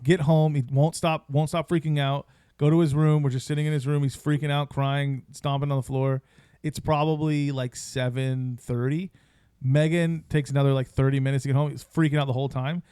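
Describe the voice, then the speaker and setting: A man's voice: fairly high pitch, little pitch movement, brisk, dark tone, clean tone, no room sound, studio quality. A young man co-hosting a podcast, telling a long story in rambling casual chat. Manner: rambling storyteller, acts out his toddler. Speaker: podcast co-host.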